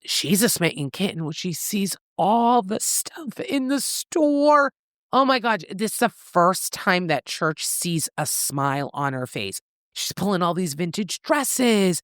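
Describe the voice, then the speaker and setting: Podcast host, woman, lively storyteller, lower voice, dry close sound. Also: measured pace, no echo. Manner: animated storytelling, acts out characters' lines in shifting voices, swears freely. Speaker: podcast co-host recapping a novel. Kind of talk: casual book recap chat.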